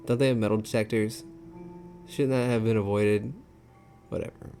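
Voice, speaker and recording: A man's voice: lowish voice, fairly even intonation, moderate pace, warm tone, faint music behind. A man commentating a game he plays, reacting with exasperated swearing. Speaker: gamer. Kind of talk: let's play commentary.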